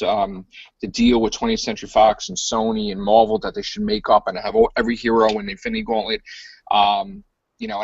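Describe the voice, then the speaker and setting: A man hosting a casual podcast chat, animated and joking, with a gravelly voice. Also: dry recording, highs cut off. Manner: animated, jokey, slips into goofy high voices. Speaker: podcast host.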